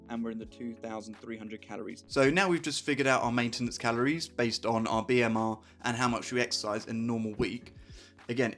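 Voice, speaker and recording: A man's voice: medium pitch, a bit bright. A young man, chatting casually as he explains calorie deficits in a fitness vlog, upbeat and step by step. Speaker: fitness vlogger.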